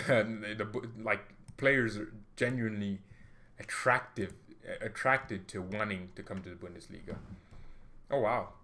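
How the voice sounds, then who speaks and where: A man hosting a football reaction vlog, talking in an animated, jokey, rambling way. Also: lowish voice, normal speed. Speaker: football reaction channel host. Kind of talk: casual reaction vlog commentary.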